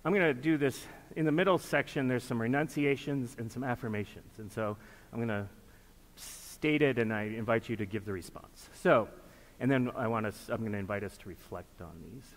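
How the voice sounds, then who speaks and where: A man's voice: medium pitch, fairly quick. A man leading a congregation through liturgical renunciations, patiently repeating his prompts and inviting responses. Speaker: pastor leading a group reflection. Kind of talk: interactive liturgical teaching. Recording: long reverb with faint background noise.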